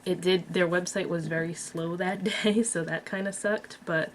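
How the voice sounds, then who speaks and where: Chatty woman reviewing makeup, low-pitched. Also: fairly even intonation, normal speed. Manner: chatty, blunt, frequent fillers. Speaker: beauty vlogger. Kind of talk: casual product review.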